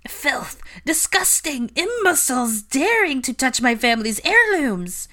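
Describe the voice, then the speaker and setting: A woman's voice: sits high, big pitch swings, measured pace, sharp tone, pitched above the performer's own voice, exaggerated voice. A woman voicing a furious old woman in a painted portrait who screams insults. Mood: shrieking rage.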